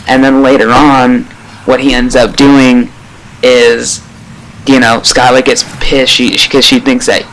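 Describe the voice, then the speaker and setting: Rambling excitable man reviewing a show. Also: mid-range voice, unhurried, a little hiss or hum, poor audio. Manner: rambling, excitable retelling full of fillers; swears casually. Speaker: TV episode reviewer. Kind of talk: casual spoken review.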